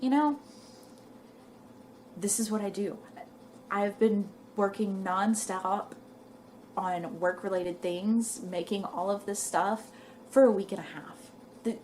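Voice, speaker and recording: A woman's voice: mid-range voice, a little mellow, slight background noise. A young woman, chatting casually to her viewers in a knitting vlog. She rambles and is a little out of breath. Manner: rambling, chatty, says "y'all". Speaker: knitting vlogger. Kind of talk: casual chat to camera.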